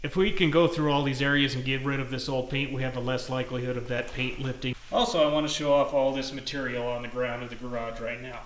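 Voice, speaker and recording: Young male DIY host, relaxed and talkative, recorded in his garage, average pitch. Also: fast talker, few pauses, a little hiss or hum. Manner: chatty, jokey, relaxed explaining. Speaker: host of a car restoration channel. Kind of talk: casual how-to vlog. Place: home garage.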